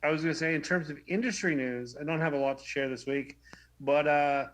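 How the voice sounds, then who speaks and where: A man co-hosting a casual podcast, giving news in a relaxed, matter-of-fact way. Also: on the high side, fairly quick. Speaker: podcast co-host.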